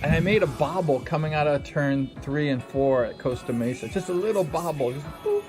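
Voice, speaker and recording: A man in his sixties with a somewhat high voice tells a story from his racing days in a loose, chatty way. He acts out what people said and fills the gaps with "you know" and "like". Music plays under him the whole time. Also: fairly quick. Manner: animated, acts out quotes, many fillers. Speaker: former speedway rider. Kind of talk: casual personal storytelling. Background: background music.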